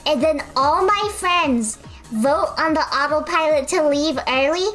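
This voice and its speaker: A woman's voice: sits high, a little slow, fairly bright tone, soft background music. A woman streamer chatting casually while she paints, rambling and self-deprecating.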